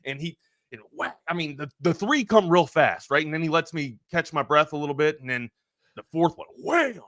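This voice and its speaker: A man hosting a sports talk show, telling a long personal story in a rambling, animated way full of restarts. He is from Maryland. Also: on the high side, a little fast, no echo, studio quality. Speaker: sports talk radio host.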